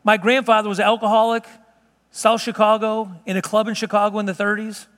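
A man's voice: high voice, flat delivery, fairly quick, a bit bright. A middle-aged man preaching a sermon to his congregation as pastor, talking in a loose, conversational way with frequent restarts. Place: church sanctuary. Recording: long reverb of a church hall.

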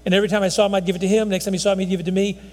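A man's voice: high voice, flat delivery, racing, darkish tone. A man preaching a conversational sermon in a folksy, rambling way, often restarting his sentences. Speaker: pastor. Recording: long hall reverb.

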